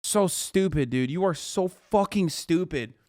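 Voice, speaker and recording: A man reacting to a news video on a livestream, ranting angrily and swearing heavily, his voice rising into shouts. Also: a little high, unhurried, no room sound, clean studio sound. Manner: profane, angry ranting.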